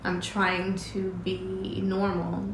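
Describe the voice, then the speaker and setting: A woman telling her own story in a relaxed, chatty way, often breaking into laughter as she recounts what was said. Her voice sits in a mid range and carries a roomy echo. A faint ambience hums behind her. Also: mid-range voice, slow, a little hiss or hum. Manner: chatty, recounts conversations with frequent "I'm like" and laughs. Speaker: host telling a personal story. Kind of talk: casual personal storytelling.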